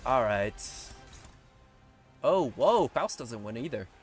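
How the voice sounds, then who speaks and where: A young man live-streaming a game, swearing often and swinging between squealing pleas and low muttering. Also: sing-song, slow pace, slightly rough, faint music behind. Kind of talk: live gameplay commentary.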